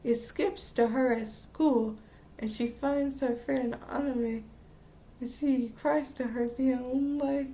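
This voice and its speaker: A woman's voice: sits high, fairly even intonation, unhurried, warm tone. A woman reviewing an anime episode in a casual, rambling recap, restarting her sentences often. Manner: rambling with frequent restarts and laughs.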